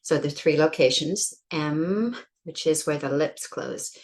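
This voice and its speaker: A woman teaching English pronunciation, speaking slowly and deliberately and exaggerating sounds to demonstrate them. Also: sits low, a little mellow. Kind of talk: explanatory pronunciation lesson.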